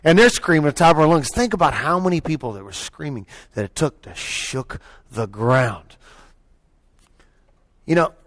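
Preaching at a medium pitch, this pastor keeps his sermon conversational, often starting over and dropping in "you know." His delivery moves from loud cheering outbursts to calm, thoughtful passages.

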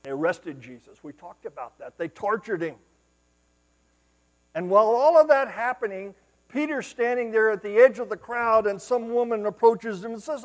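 A man with a high voice preaches a sermon. He tells the scripture like a story, climbing to loud, excited peaks and then falling to quiet, hushed asides. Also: normal speed, in a large hall, poor audio. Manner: dramatic storytelling, swings between loud exclamations and hushed asides.

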